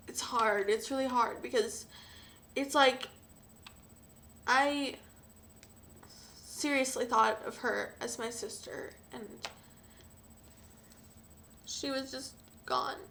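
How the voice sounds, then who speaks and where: A young woman talking hesitantly and emotionally to camera, with frequent sighs and pauses. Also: on the high side, sharp tone, slight background noise. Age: young adult. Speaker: vlogger. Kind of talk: personal confessional vlog.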